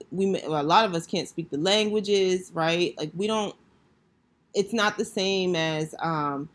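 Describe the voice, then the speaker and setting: A woman hosting a podcast, talking in a reflective, conversational way, with frequent fillers and restarts. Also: on the low side. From United States. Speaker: podcast host. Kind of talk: solo podcast commentary.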